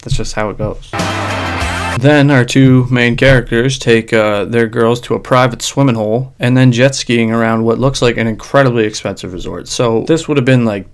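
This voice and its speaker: A man's voice: mid-range voice, steady tone, normal speed, clean tone, soft background music. Sarcastic man riffing on videos. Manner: sarcastic, wry running commentary. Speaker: video host. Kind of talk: comedic music video reaction. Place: his own dark room.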